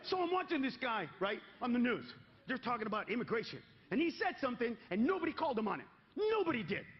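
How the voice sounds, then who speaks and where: A man performing a stand-up comedy set on stage, punchy and loud, shouting his punchlines. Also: very high-pitched, very animated, fast talker. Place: comedy stage before a live audience. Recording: lo-fi live recording with crowd noise.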